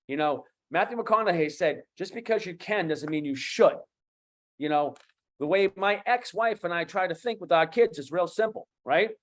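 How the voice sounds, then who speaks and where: A man in his fifties with a Boston accent, speaking as a guest coach on an online talk show, animated and emphatic, repeating key phrases. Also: high-pitched. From USA. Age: 50s.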